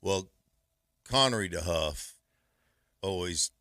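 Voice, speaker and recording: A man with a very low voice tells stories as a guest in a studio chat, lively and casual. The sound is dry and close, with no room echo. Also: slow pace. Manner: storytelling, animated. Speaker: guest, former player and radio host. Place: radio studio. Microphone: studio mic.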